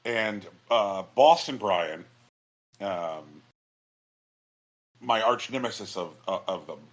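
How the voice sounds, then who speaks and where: A man with a lowish, animated voice talks at a slow pace. Co-hosting a podcast in casual chat, he tells rambling stories full of restarts and "um"s.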